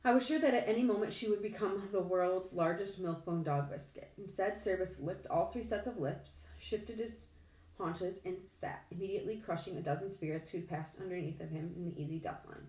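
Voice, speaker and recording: A woman reading a novel aloud in a measured, steady storytelling manner. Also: on the low side. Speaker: audiobook reader. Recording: echoey room, distant mic.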